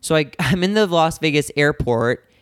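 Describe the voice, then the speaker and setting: A man co-hosting a relaxed chat, trading stories and gently teasing his partner. His voice is smooth and clear, and he keeps things light and chatty. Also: fairly high pitch, moderate pace, no room sound, studio quality. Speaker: podcast co-host. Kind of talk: casual chat.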